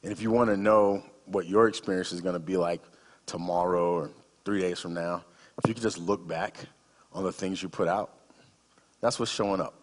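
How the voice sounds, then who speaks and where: A man's voice: deep voice, steady tone, moderate pace, big-room sound. A man in his fifties, a guest speaker giving a sermon in a conversational, humorous storytelling manner.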